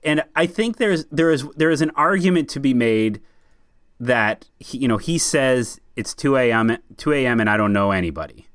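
A man's voice: mid-range voice, lively intonation, moderate pace, fairly bright tone, dry recording, clean studio sound. A man co-hosting a podcast, talking casually with lots of "like" fillers. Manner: chatty, many "like" fillers. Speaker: podcast co-host. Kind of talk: casual film discussion.

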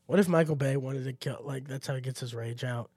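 A young man co-hosting a casual comedy podcast, telling a story with lively put-on voices. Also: medium pitch, fairly quick, slightly rough, dry recording, studio quality. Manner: animated storyteller, puts on silly voices. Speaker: podcast co-host.

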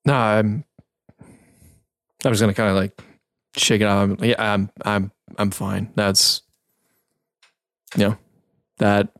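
A man playing a tabletop game, speaking in character in a halting, hesitant way with many restarts. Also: on the low side, little pitch movement, a bit bright, no echo, clean studio sound. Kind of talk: in-character role-play.

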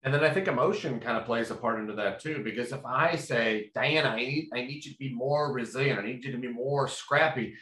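A man's voice: medium pitch, a little fast, few pauses, sharp tone. Man talking in a roomy echo. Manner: rambling, conversational, many fillers. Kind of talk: casual panel discussion.

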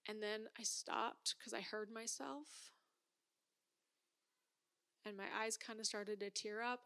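A woman in her thirties telling a personal story in an animated way, acting out her own thoughts as she goes. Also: mid-range voice, takes it slowly, vocal fry, long pauses.

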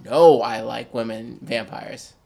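A man's voice: mid-range voice, takes it slowly, gravelly, dark tone. A man co-hosting a casual chat, opinionated and rambling with lots of restarts. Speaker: podcast co-host.

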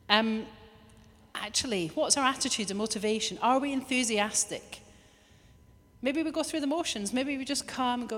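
A woman's voice: fairly high pitch, moderate pace. Woman preaching in a reverberant hall. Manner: lively, acts out little quoted voices. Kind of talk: sermon.

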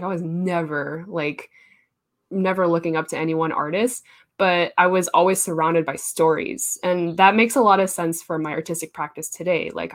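A young woman artist in a casual interview, chatty and laughing often, with many fillers. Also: lowish voice.

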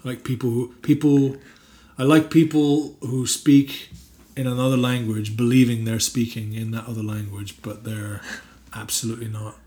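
A man's voice: medium pitch, flat delivery, moderate pace, mellow. A man being interviewed as an actor, chatting casually with many fillers and restarts and bursts of emphatic enthusiasm. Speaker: actor guest.

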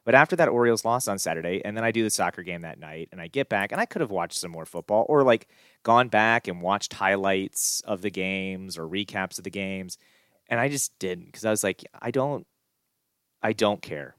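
A man's voice: low-pitched, fairly quick, fairly bright tone, clean tone, no room sound, clean studio sound. A man co-hosting a casual sports podcast, ranting in an exasperated, gloomy way with sighs and restarts. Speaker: podcast co-host.

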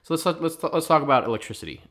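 A man's voice: fairly high pitch, sing-song, quick pace, a bit bright. Joking man, stumbling through his openings. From Philadelphia. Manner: joking, repeats words as he starts sentences. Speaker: podcast co-host. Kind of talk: casual podcast chat.

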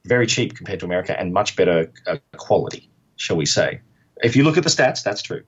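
A man's voice: sits low, animated, quick pace, husky, highs cut off. An Australian man from Perth, chatting as an interview guest in a rambling, self-deprecating way. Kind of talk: casual interview chat.

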